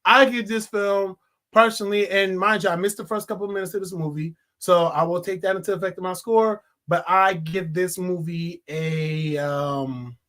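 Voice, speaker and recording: A young man giving a casual, animated movie review, swearing freely and laughing often. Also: sits high, moderate pace. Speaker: film reviewer.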